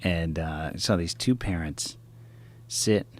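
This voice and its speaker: A man's voice: low-pitched, slow pace. A middle-aged man, a comedian guest on a podcast, talking in earnest, casual, self-searching chat with casual swearing.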